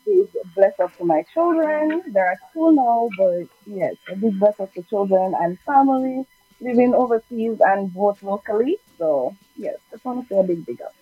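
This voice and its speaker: A woman's voice: medium pitch, moderate pace, slightly rough. A woman, a guest on a casual radio show, telling stories and laughing. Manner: laughing, relaxed storytelling. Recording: dull lo-fi sound.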